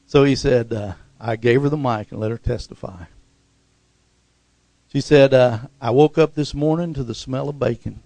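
A man preaching a sermon full of stories, climbing to loud excited peaks, acting out the voices in his tales and calling out for amens and hallelujahs. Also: medium pitch, normal speed, vocal fry, dry recording. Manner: calls for "amen" and "hallelujah" response. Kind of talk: sermon with storytelling.

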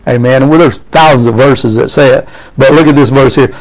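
A man's voice: mid-range voice, fairly even intonation, brisk, poor audio. A man preaching a sermon, reading scripture aloud and calling out "amen?" to his congregation.

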